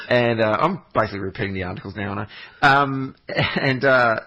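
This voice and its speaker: Bright, husky man spinning a rambling story. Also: fairly low pitch, unhurried, long pauses. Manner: meandering storytelling, sweary, frequent fillers and restarts. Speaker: podcast regular. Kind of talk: rambling anecdotal chat. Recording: muffled lo-fi podcast audio.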